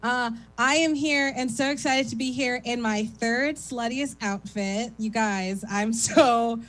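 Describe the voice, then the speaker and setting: A young woman from East Oakland doing a stand-up set, with an even, radio-like speaking voice and lots of "uh" fillers. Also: on the high side, slow pace, low-quality recording. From East Oakland, California. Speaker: stand-up comic.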